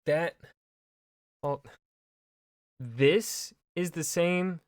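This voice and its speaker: A man's voice: fairly high pitch, very slow, no room sound, studio quality. A man giving casual reaction commentary as a historian, rambling loosely and swearing freely.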